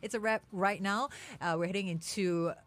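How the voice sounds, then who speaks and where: A woman's voice: medium pitch, steady tone, normal speed, faint music behind. A woman hosting a radio show in the studio, asking questions and reading announcements in upbeat patter. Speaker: radio host.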